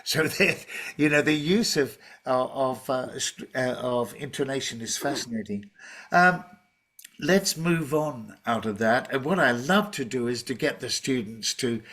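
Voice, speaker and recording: A man running an online teaching workshop over a video call, easygoing and chatty. His voice sits at an ordinary middle pitch, and he often stops to restart a sentence with "uh" and "um". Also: a little slow. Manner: relaxed, chatty, with many fillers and restarts. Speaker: teacher trainer presenting a webinar.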